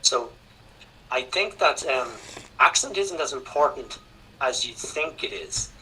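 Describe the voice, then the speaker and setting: A man, a guest speaker on English teaching, answering questions in an online seminar, relaxed and repeating words as he thinks. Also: mid-range voice, a little slow, slight background noise, rough recording. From Ireland.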